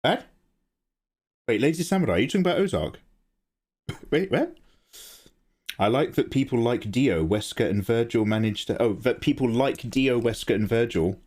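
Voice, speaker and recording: A man hosting a live drawing stream, chatting casually and reacting to viewer messages, laughing often. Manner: chatty, animated, laughs often, jumps to high pitch when excited. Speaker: art livestream host. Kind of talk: casual chat while drawing, reading chat.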